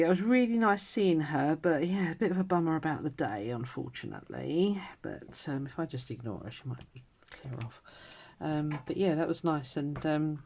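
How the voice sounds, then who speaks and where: A woman in her fifties chatting casually at home as she stitches, rambling from story to story and trailing into quiet mutters. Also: deep voice, normal speed, few pauses. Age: 50s. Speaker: crafter vlogger. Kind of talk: casual chat while stitching.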